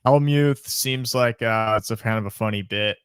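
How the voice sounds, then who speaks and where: A young man in casual podcast chat, his voice sitting low and steady. He talks loosely, circling back with restarts and repeated words. The sound is dry and close, with no room in it. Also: moderate pace, clean tone, dry recording. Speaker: podcast co-host.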